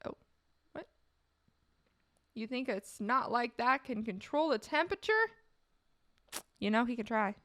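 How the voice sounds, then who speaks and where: A woman streamer from California does live stream commentary, reading things aloud and reacting with dry, casual humor punctuated by short laughs. Her voice sits on the high side and sounds a bit bright, with no echo in the recording.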